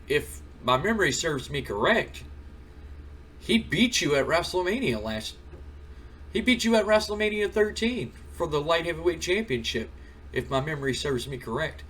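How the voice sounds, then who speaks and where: A man voicing a frantic young male wrestling commissioner who pleads in a high, breathless voice. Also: animated, moderate pace, fairly bright tone, distant mic, slight background noise. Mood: placating.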